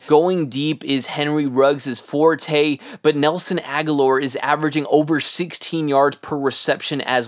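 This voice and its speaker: A man hosting a solo sports podcast, giving an earnest, analytical game preview and talking to his listeners as guys. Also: on the high side. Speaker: podcast host.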